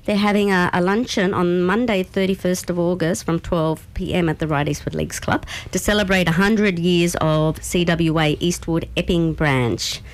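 A woman reads local event listings on community radio. Her voice sits a little low, and she runs through dates and venues briskly. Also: fairly even intonation.

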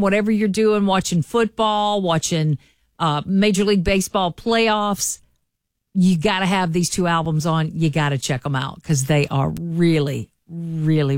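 A woman's voice: fairly low pitch, moderate pace, no echo, clean studio sound. Chatty woman radio host. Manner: chatty, folksy, enthusiastic. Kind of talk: morning radio entertainment chat.

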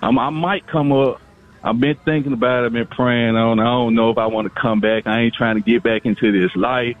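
A man calling in to a radio show, talking casually and haltingly and repeating his words. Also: mid-range voice, fairly even intonation. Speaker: caller. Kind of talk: casual phone-in chat. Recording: tinny phone line.

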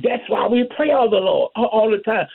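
A man delivers a fervent sermon in a high, husky voice, punctuating his points with amen and hallelujah. The sound is tinny and narrow, like a phone-line radio broadcast. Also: animated, a little fast. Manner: call-and-response preaching, repeats amen and hallelujah. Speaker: preacher.

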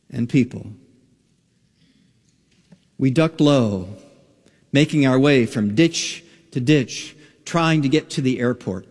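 A man preaching a sermon, telling a story with dramatic pauses. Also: a little high. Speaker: pastor. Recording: radio broadcast with long reverb.

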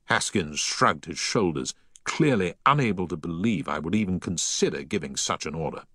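A man reading a story aloud in the first person, with a deep but bright, forward tone. His pitch moves expressively through the sentences, recorded close and dry. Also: animated, normal speed, slightly rough, no room sound. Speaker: narrator. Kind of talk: audiobook narration.

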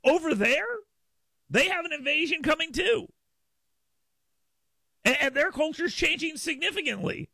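A man's voice: very high voice, lively intonation, a little slow, gravelly, pauses often, pushed and bright, dry recording. An American man hosting a talk radio show, giving his opinions in a monologue. He stammers and restarts often, doubling the first words of his sentences. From United States.

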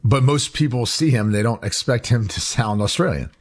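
A man's voice: mid-range voice, normal speed. A man co-hosting a sports radio show, easygoing and laughing as he tells stories at a studio mic. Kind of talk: casual sports radio chat. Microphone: studio microphone.

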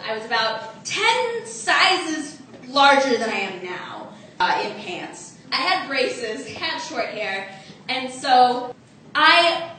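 A woman's voice: a little high, sharp tone, very echoey, distant mic, slight background noise. A woman in her twenties doing a self-mocking stand-up comedy set. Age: 20s.

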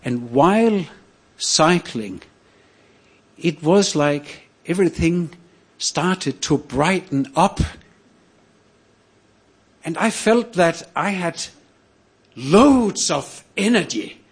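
An older man from Denmark, telling a personal story on stage in a measured, reflective way with pauses. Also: a little high, expressive, slightly rough. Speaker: storyteller, priest.

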